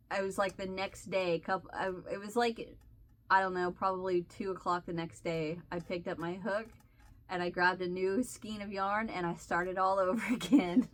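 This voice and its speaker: A woman with a bright, forceful voice tells a story in casual vlog chat. She rambles along in an animated way, circling back and starting sentences over. Her voice sits at an ordinary middle pitch. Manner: rambling and animated, with restarts and laughs. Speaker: crochet vlogger.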